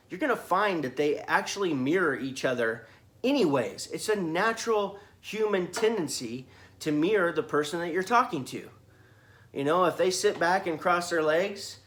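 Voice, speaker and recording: A business coach offers earnest advice in a casual video, peppering the listener with questions and often restarting what he's saying. His voice is a little high with a fairly bright tone.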